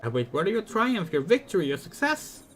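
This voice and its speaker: A man's voice: high-pitched, big pitch swings, brisk. A man voicing a small, timid male kobold who wails and piles up gloomy synonyms. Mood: pleading.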